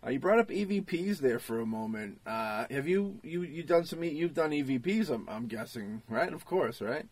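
A man hosting a casual podcast, asking questions in a halting, restarting way. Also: fairly high pitch, animated, a little mellow, breathy edge. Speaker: podcast host. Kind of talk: casual chat.

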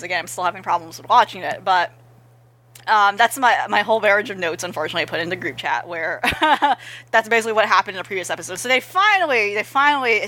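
A woman's voice: mid-range voice, pushed and bright. A woman co-hosting a podcast, recapping a show in casual, rambling chat with many restarts. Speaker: podcast co-host. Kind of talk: casual chat about anime.

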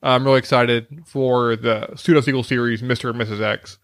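A man with a mid-pitched voice co-hosting a podcast, recorded close on a podcast mic in a dry room with no echo. He rambles and hesitates, filling his sentences with "uh" and "like.". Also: flat delivery, a little fast, fairly bright tone. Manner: rambling, hesitant, lots of fillers. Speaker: podcast co-host. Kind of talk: casual chat.

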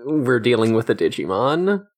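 Casual podcast co-host, female, lively jumpy delivery, salty language. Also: moderate pace. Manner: animated, swears casually, lively pitch jumps. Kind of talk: casual chat recapping a cartoon episode.

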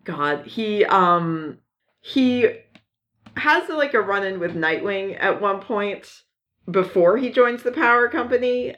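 A woman's voice: mid-range voice, expressive, slow pace, fairly bright tone, muffled recording. A woman co-hosting a casual podcast chat, rambling with many fillers and restarts, often giggling. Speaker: podcast co-host. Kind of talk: casual chat about comics.

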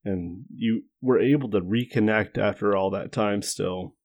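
A man's voice: lowish voice, a little slow, a little mellow, muffled recording. A man chatting casually on a podcast, adding wry, joking asides. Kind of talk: casual chat.

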